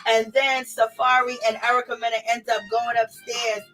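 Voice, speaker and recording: A woman's voice: on the high side, level tone, moderate pace, a bit bright, soft background music, low-quality recording. A young woman recapping reality TV in a casual, sassy gossip style, laughing often and mimicking people's lines. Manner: chatty, sassy, laughs often, quotes people in mock voices.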